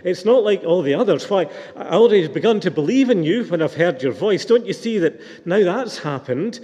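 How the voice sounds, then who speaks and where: A pastor voicing a frantic man hanging off a cliff, begging and bargaining in raised, higher-pitched shouts. His mellow voice rings through a long church reverb. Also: animated, fairly quick, muffled recording. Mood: pleading. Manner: shouting, pleading. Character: desperate man clinging to a cliff branch.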